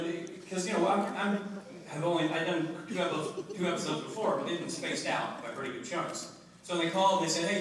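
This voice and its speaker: A man answering fans' questions at a convention, rambling and self-deprecating, laughing as he talks. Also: a little high. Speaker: convention panel guest. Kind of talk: casual fan Q&A. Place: large convention hall. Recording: echoey hall, far from the mic, noisy.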